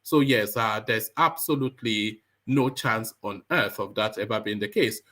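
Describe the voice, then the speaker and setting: A man hosting a live call-in stream, chatty and animated, often stammering and restarting. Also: on the low side, moderate pace. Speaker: host of a live political talk stream. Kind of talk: casual call-in chat.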